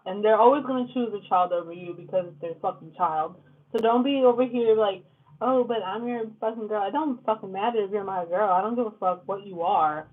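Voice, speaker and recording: Blunt, swearing woman tarot reader. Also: medium pitch. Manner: blunt, profane, fillers like "like" and "okay?". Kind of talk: casual tarot reading to camera. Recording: lo-fi phone-like sound.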